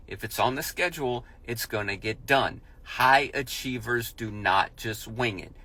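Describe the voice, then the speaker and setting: A man's voice: mid-range voice, a little slow, hardly any pauses, sharp tone. A man giving a motivational monologue as a speaker, talking in an emphatic, repetitive, coach-like way.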